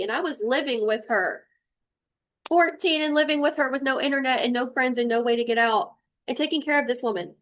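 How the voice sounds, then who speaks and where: A woman's voice: high voice, fairly quick, fairly bright tone. A young adult woman giving a livestream spiritual tarot reading. She talks bluntly and emotionally and swears freely. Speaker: intuitive tarot reader.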